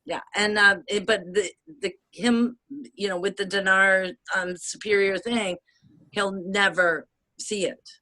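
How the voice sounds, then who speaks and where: A woman from the United States in casual chat, rambling and animated, swearing and laughing often. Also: mid-range voice, a little slow.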